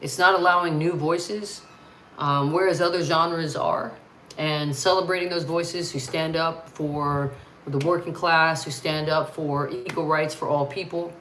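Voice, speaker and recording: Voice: mid-range voice, steady tone, measured pace, a bit bright, slight background noise, low-quality recording. An American host talking casually and bluntly on a livestream, ranting with frequent swearing. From United States.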